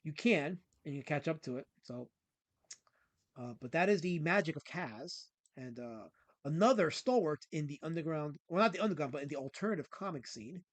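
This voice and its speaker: A man's voice: on the high side, animated, normal speed, no echo. A man hosting a casual talk show about comics, rambling and reading strips aloud with lots of fillers. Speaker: host.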